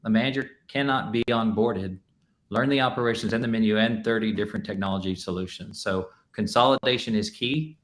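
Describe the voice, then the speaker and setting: Low-voiced man talking on a panel. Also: a little fast. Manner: conversational, frequent "you know" fillers. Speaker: panelist, restaurant tech executive. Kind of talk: panel discussion.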